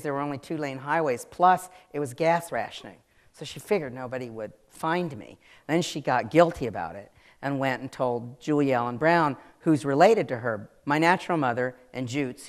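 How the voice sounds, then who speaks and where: A woman from Maryland with a Southern American accent, answering audience questions at a live author event in a chatty, frank way. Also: a bass voice. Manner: chatty, frank, laughs easily. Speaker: author interviewee. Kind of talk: public Q&A answers.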